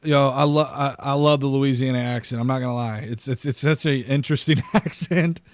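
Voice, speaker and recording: A man's voice: mid-range voice, steady tone, a little fast, no room sound. A man hosting a political commentary stream, arguing emphatically with frequent restarts. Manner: argumentative, emphatic, restarts and stammers. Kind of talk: casual reaction commentary.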